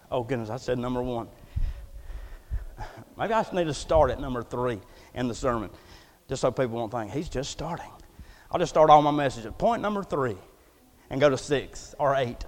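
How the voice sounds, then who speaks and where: A man pastoring a church, preaching a folksy sermon, joking and then building to loud passages. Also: medium pitch, expressive, normal speed, pauses often, big-room sound.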